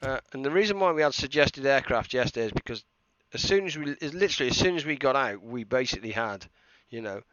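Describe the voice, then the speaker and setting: A man from the UK giving chatty, excitable live commentary while streaming a game and greeting viewers. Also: medium pitch, fast, hardly any pauses, no room sound. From United Kingdom. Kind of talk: casual live gameplay commentary. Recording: slightly dull stream mic with faint hiss.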